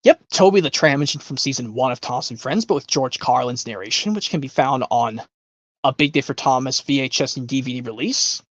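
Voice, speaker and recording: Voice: medium pitch, fairly quick, no echo, muffled recording. A streamer chatting casually between voice impressions, rambling and hesitant as they pile up fan trivia.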